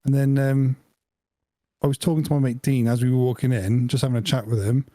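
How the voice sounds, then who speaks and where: A man's voice: medium pitch, fairly even intonation, fairly quick, dark tone, no room sound. A man co-hosting a podcast, telling a rambling anecdote with laughter and acted-out quotes in casual chat. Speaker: podcast co-host.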